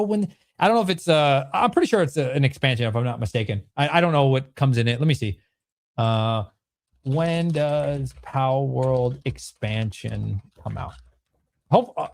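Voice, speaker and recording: Thirties male streamer, fired-up and foul-mouthed, voice leaping all over as he argues with chat. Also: high voice. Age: 30s. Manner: excitable, swears a lot, ranting at chat. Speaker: streamer host. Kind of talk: livestream Q&A chat.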